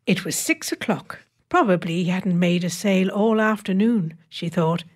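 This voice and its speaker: A woman narrating a short story in a measured, wry storytelling voice. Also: lowish voice. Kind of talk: reading a short story aloud.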